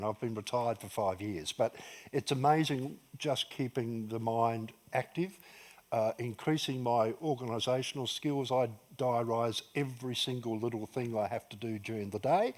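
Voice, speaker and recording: An older man, talking upbeat and plain-spoken as a panelist in a discussion. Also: mid-range voice.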